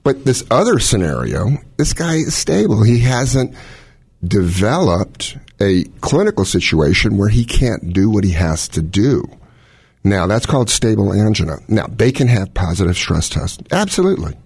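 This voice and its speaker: Gravelly, animated middle-aged man. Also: on the low side, normal speed, no room sound, clean studio sound. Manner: animated, explains with analogies and quoted scenarios. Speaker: cardiologist host. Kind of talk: casual explanatory chat.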